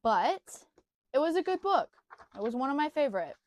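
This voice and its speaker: A woman's voice: sits high, big pitch swings, moderate pace. A young woman giving a casual book review, gushing and earnest, often circling back on her words.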